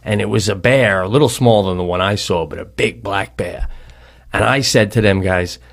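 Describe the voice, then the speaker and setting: A man co-hosting a comedy podcast, telling a long story in an animated, rambling way, cursing and restarting his sentences. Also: on the low side, normal speed, vocal fry. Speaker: podcast co-host. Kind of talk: casual storytelling.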